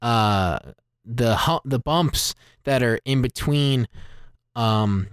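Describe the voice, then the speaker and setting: A man co-hosting a casual movie podcast. He retells film scenes with animated energy and fills his sentences with "like.". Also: mid-range voice, slow pace, clear, resonant tone, dry recording, clean studio sound. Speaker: podcast co-host, movie reviewer.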